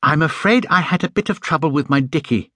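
A man doing a small bear with a raised, earnest, polite voice, full of lively rises and falls and a slightly husky edge. It reads like a gentle storybook character. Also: a little high, brisk, no echo, voice pushed up.

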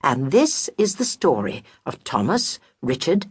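Woman reading a kids' story, lively and wry, lowish and slightly husky. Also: a little slow, no room sound. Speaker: audiobook narrator. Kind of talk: storybook narration for children.

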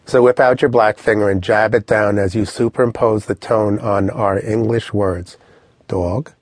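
A man teaching an audio language lesson, explaining with lively, vivid storytelling and direct instructions. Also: fairly low pitch, normal speed, no echo, clean studio sound.

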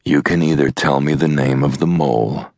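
A man voicing a calm, hardened male American operative with a dry, deadpan manner. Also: very deep voice, moderate pace, vocal fry, no echo, heavily acted.

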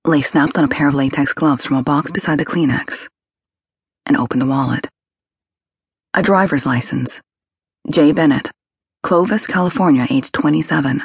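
Gravelly woman narrating a crime novel. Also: low voice, normal speed, long pauses, no room sound, studio quality. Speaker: audiobook narrator. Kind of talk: scripted narration.

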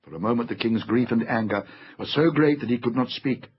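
A man narrating a fantasy audiobook in an expressive, theatrical reading. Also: mid-range voice, a little fast, slightly rough. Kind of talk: scripted storybook narration. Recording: slightly dull lo-fi audiobook recording with faint music.

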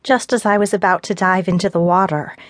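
A woman reads first-person romance narration in a steady, measured voice. Her pitch sits a little low, and the studio sound is dry and close. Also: no echo. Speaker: audiobook narrator. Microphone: close studio mic.

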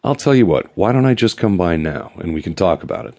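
A male audiobook narrator voicing a private investigator with a clipped, all-business manner who keeps his voice calm. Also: deep voice, fast talker, exaggerated voice. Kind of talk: audiobook character voice.

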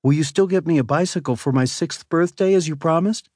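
A man's voice: on the high side, a little fast, a little mellow, no echo, clean studio sound, voice pushed up, natural voice. A man voicing a curious, anxious four-year-old boy in an audiobook, asking pleading questions.

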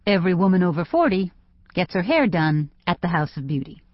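Woman, audiobook narrator; lowish, wry, dry lo-fi studio. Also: very animated, brisk, no room sound. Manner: wry, conversational storytelling. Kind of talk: scripted first-person narration.

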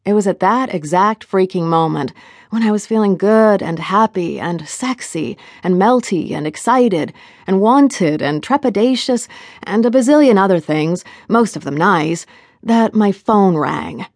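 A woman's voice: medium pitch, lively intonation, unhurried, a little mellow, no room sound. A woman narrating a first-person novel in a wry, conversational way, recorded on a close studio mic. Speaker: audiobook narrator.

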